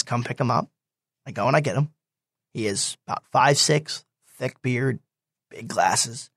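A young man telling a personal story in casual talk, animated and quick to quote others. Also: medium pitch, no echo, clean studio sound.

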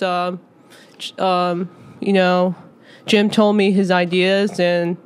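A woman's voice: fairly low pitch, clear, resonant tone. A woman writer answering interview questions hesitantly, with many ums. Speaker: writer and guest.

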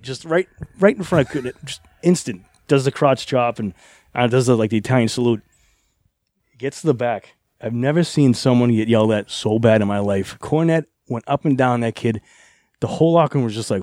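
A man, a former wrestler and podcast guest, telling animated anecdotes with laughs. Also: mid-range voice, fairly quick, no room sound, studio quality. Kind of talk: podcast storytelling.

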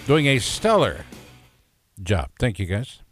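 A man's voice: medium pitch, wildly swooping pitch, takes it slowly, soft background music. A man hosting a motor racing radio talk show, with jokey, theatrical introductions.

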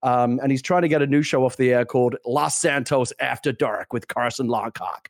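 A man's voice: medium pitch, moderate pace, no echo, studio quality. A middle-aged British man chatting on a podcast, telling stories animatedly with frequent laughs and restarts. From Britain. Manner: animated storyteller, laughs often, many restarts. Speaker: podcast co-host. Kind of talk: casual chat.

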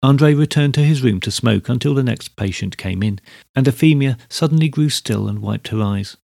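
Gravelly, husky male storyteller. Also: medium pitch, moderate pace, a little mellow, dry recording, clean studio sound. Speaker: narrator. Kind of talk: scripted storybook narration.

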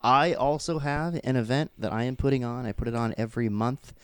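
A man's voice: mid-range voice, fairly quick, smooth, dry recording. A man hosting a casual podcast, chatting loosely and laughing easily as he signs off the show. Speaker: podcast host.

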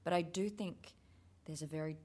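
Husky low-voiced Australian woman. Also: fairly even intonation, moderate pace, a little mellow. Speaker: actor, writer. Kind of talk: casual chat.

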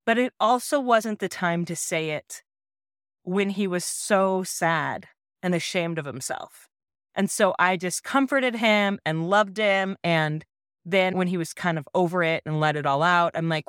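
A woman in her thirties hosting a parenting podcast, sharing a personal story in a gentle, earnest and reassuring way. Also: lowish voice, normal speed, smooth, no room sound, studio quality.

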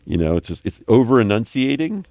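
A man's voice: medium pitch, sing-song, fairly quick, creaky, a little mellow, dry recording, clean studio sound. A man co-hosting a podcast, chatting casually and wryly picking apart a song's performance. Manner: wry, opinionated, mock-sings quotes. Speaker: podcast co-host. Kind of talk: casual music review chat.

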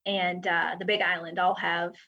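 A woman's voice: lowish voice, little pitch movement, normal speed, creaky, bright, forceful tone, muffled recording. A woman guest talking casually about her work, chatty, with lots of fillers. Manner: chatty, with frequent fillers and light laughs. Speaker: guest from a drag racing timing system company. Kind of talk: casual interview chat.

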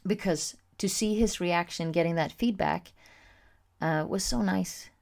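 A woman with a somewhat low-pitched voice tells a personal story on her podcast. She talks candidly and expressively, pausing often with fillers as she goes. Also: gravelly, darkish tone. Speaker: podcast host.

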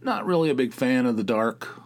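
A man's voice: medium pitch, animated, normal speed. A man hosting his own podcast, telling rambling everyday stories in a casual, meandering way, with plenty of filler words and casual swearing. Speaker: podcast host.

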